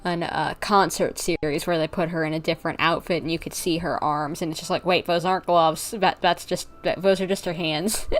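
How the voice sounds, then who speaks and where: A woman's voice: on the low side, fairly even intonation, moderate pace. A young woman streaming a video game, gushing and giggling over the characters. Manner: giggly, gushing fan chatter. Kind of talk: live game commentary.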